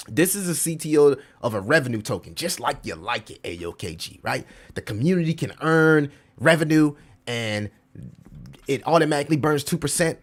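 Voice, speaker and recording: Animated slangy male streamer. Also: a little high, normal speed. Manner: animated, slangy, swears, reads chat aloud. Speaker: crypto livestream host. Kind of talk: casual livestream chat.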